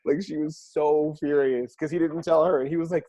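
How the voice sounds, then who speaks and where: A young man hosting a podcast, chatting casually and telling stories in an animated way, laughing and swearing freely. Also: fairly high pitch, moderate pace, muffled recording, a little hiss or hum. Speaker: podcast host. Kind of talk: casual chat.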